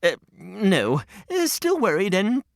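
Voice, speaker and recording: A man's voice: sits high, huge pitch swings, slow pace, gravelly, no room sound, clean studio sound, pitched above the performer's own voice, heavily acted. A man voicing a nervous, fretful male hedgehog who worries about everything. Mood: anxious. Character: anxious timid male hedgehog listener.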